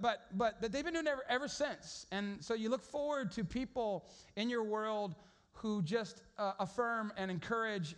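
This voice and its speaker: Man, pastor, high voice, conversational sermon, storytelling, lots of restarts.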